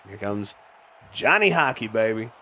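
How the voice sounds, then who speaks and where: A young man giving casual, excited commentary on his own hockey video game, calling the plays and chatting straight to his viewers. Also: fairly low pitch, normal speed. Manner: play-by-play calling with bursts of excitement and laughs. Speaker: gaming YouTuber.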